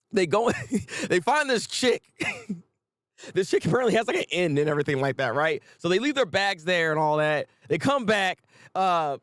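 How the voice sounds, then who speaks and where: A man runs a casual anime recap in a high, bouncy voice that swings up and down. He laughs often and acts out the characters' lines as he goes. The sound is dry and close to the mic. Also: fairly bright tone, no room sound. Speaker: anime review host.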